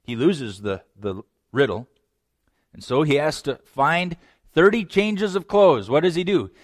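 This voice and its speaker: A man preaching a sermon, retelling a scripture story with lively acted-out lines and direct asides to his listeners. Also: a little high, unhurried, dry recording, clean studio sound. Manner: animated storytelling, acts out voices; direct address to young men. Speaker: pastor.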